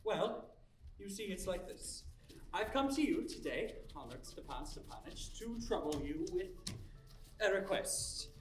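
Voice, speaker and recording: Flustered, stammering male suitor in his thirties, a man playing it, stage play; echoey hall, far mic. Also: high-pitched. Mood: nervous. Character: nervous anxious 35-year-old male landowner suitor. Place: theater stage. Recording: roomy stage from far off, music behind.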